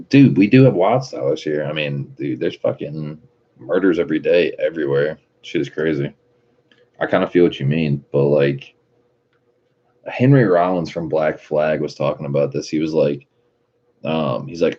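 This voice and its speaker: A man's voice: rumbling low, steady tone, normal speed, warm tone, breathy edge. A man reading out viewer chat and chatting casually, with a laid-back, profane manner and frequent laughs. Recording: muffled lo-fi recording.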